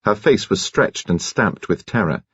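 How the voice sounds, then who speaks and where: Husky, low male audiobook narrator. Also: no room sound, muffled recording. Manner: measured, even storytelling.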